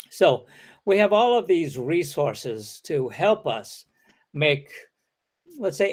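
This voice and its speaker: Give me a man lecturing at a slow, measured pace, explaining each point step by step. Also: mid-range voice. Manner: explains step by step, acts out example sentences. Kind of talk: academic lecture.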